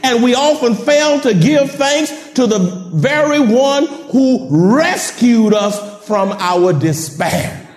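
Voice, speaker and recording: A man preaching a sermon to a congregation, calling out to them with laughing asides and building to shouted, sing-song climaxes. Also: very high-pitched, lively intonation, slow pace, few pauses. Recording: echoey hall from a distance.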